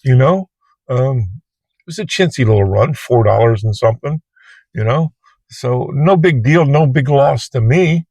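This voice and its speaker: An animated man talks a little slowly in a mellow, mid-range voice, with no room sound on the recording. He's an Uber driver and vlogger who tells a rambling, colloquial, plain-spoken story to camera while parked in his car.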